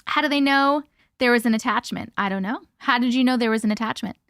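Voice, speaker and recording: A woman hosting a casual livestream, reading viewer comments aloud and greeting people by name, playful and quick to laugh. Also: on the high side, a bit bright, no echo, studio quality. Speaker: livestream host.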